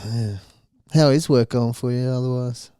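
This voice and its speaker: A man's voice: mid-range voice, fairly even intonation, normal speed, warm tone, clear, resonant tone, no echo, studio quality. A young man co-hosting a podcast in laid-back, sweary casual chat. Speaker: podcast co-host.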